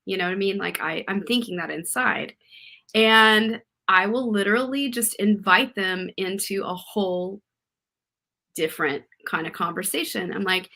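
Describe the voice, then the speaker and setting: Woman, co-host, casual chat, calm, measured, gravelly, tense bright tone. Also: medium pitch. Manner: calm, measured, explains with examples. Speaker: podcast co-host.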